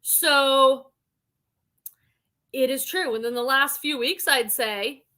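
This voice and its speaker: A woman's voice: high-pitched, slow, sharp tone. A woman hosting a casual live stream, reading viewer comments aloud and chatting about them. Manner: chatty, reads comments aloud then reacts.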